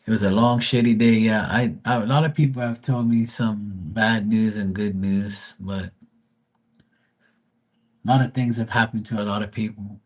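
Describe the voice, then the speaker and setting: A man's voice: on the low side, fairly even intonation, unhurried, pauses often. A man giving tarot readings on a casual live stream, joking, rambling and swearing freely.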